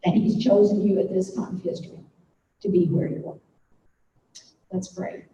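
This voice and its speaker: A woman's voice: medium pitch, little pitch movement, noisy background. Earnest older woman in a distant echoey hall. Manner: earnest, halting, emotional. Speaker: speaker at a faculty development day. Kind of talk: devotional talk. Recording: distant, muffled hall recording.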